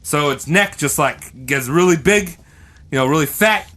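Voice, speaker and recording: A man's voice: fairly high pitch, moderate pace. A man co-hosting a comedy podcast, telling an improvised, rambling story in a playful way. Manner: rambling, animated, playful with silly voices. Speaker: podcast co-host.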